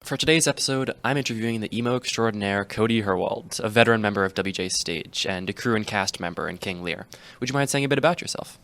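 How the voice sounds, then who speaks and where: A teenage boy hosting a school podcast in an upbeat, chatty way, sometimes speeding up and sometimes slowing down. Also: fairly low pitch, fairly bright tone. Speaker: podcast host. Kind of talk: casual podcast chat.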